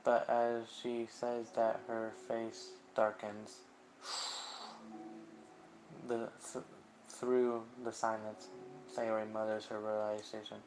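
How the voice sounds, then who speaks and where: A man streaming a visual novel game, reading the narration aloud and reacting live, unhurried and quick to swear when surprised. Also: fairly low pitch, completely flat delivery, noisy background.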